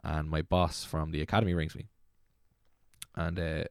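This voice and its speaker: Low gravelly Irish young man. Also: moderate pace, dry recording, clean studio sound. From Ireland. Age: 20s. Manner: rambling, excitable, laughs while telling. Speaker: guest DJ. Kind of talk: casual storytelling.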